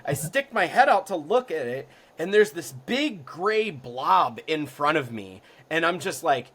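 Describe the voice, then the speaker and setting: A man's voice: a little high, unhurried, few pauses, breathy edge. Young man rambling through field stories. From Florida. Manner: rambling, full of ums and likes, livelier at the exciting parts. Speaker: podcast guest. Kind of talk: casual storytelling.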